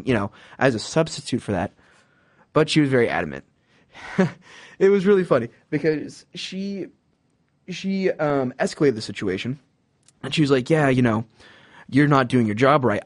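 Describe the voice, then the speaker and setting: In a casual podcast monologue, a young man with a mid-range voice hands out advice about customer service jobs. He rambles with lots of fillers and acts out what customers and bosses say, and there's no room sound.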